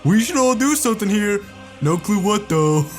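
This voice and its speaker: A man co-hosting a podcast in casual chat, making teasing deadpan jabs. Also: high voice, moderate pace, faint music behind. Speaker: podcast co-host.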